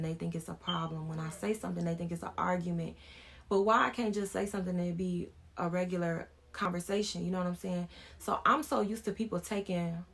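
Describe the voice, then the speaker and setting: A woman in her thirties, a vlogger, telling a personal story in a frank, informal way as she talks things through. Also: on the low side.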